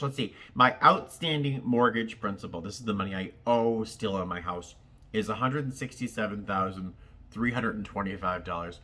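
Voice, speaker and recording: A man from Massachusetts talks straight to his viewers in a casual, heartfelt vlog. He halts and rambles, stacking ums and restarts as he searches for words. His voice sits on the lower side but comes through bright and forward. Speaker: vlogger. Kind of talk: casual direct-to-camera chat.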